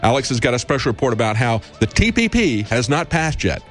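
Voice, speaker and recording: A man's voice: medium pitch, sing-song, a little fast, fairly bright tone, soft background music. A man co-hosting a political talk show, speaking in an emphatic, earnest, lecturing way. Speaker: co-host commentator.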